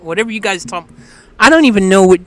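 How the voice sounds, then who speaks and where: A live-stream host chatting casually with viewers, telling stories in a rambling, animated way. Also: mid-range voice, fast talker. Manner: rambling, animated storytelling with restarts. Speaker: livestream host.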